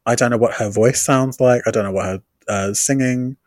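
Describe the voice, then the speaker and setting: A man's voice: medium pitch, normal speed, darkish tone, no echo. Wisecracking man, dry close sound. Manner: wisecracking, sweary. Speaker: podcast co-host. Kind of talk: casual chat.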